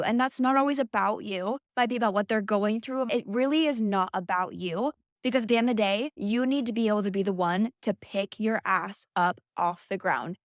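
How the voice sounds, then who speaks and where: Young woman vlogger with a slightly high voice, blunt and emphatic, casual pep talk, dry close recording. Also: dry recording. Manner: blunt, swears freely, emphatic. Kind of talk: casual motivational talk to camera.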